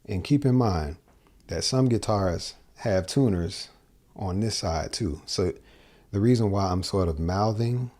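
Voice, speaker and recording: A man's voice: lowish voice, unhurried. A man teaching guitar tuning in a casual, step-by-step way, often checking in with the viewer. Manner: relaxed, explains step by step, checks in with "okay?". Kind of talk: casual instructional talk.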